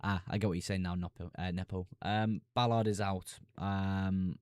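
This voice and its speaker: Male streamer with a Mackem accent, lowish register, dry close sound; casual, brisk Q&A delivery. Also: a little mellow, dry recording. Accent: Sunderland (Mackem). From Sunderland, North East England. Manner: casual, chummy, reads a question aloud then answers briskly. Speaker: fantasy football streamer host. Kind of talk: live stream Q&A, reading chat questions.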